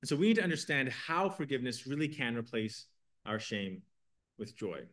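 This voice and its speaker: A man's voice: mid-range voice, big pitch swings, moderate pace, fairly bright tone. A man teaching an evening Bible class, reading scripture and explaining it earnestly, asking his class questions.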